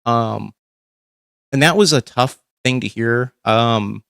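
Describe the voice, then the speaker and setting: A man's voice: medium pitch, takes it slowly, creaky, a bit bright, clean tone, no echo, clean studio sound. A man hosting a casual livestream, talking candidly and rambling with frequent ums and swearing. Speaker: livestream host.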